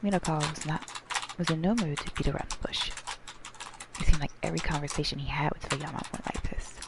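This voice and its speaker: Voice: mid-range voice, fast, very noisy. A gamer reading a visual novel's text aloud, adding brief comments. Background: game music.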